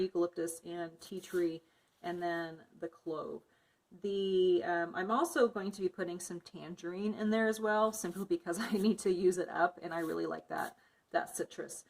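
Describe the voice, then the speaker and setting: A woman casually narrating a soap-making tutorial, explaining each step with frequent fillers. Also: fairly low pitch. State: muffled by a face mask. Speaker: soap maker.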